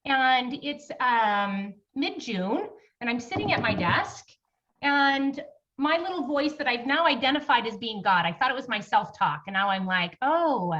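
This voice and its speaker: Brief: earnest woman guest, bright and fairly high-voiced, story told casually, dull lo-fi mic a bit far off. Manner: earnest, relaxed; recounts events by acting out dialogue. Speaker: podcast guest. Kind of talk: conversational storytelling.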